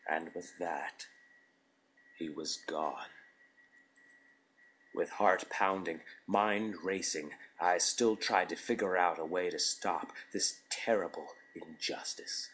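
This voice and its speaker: A man narrating a scripted story in a measured, deliberate storytelling manner. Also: low-pitched, a bit bright, poor audio.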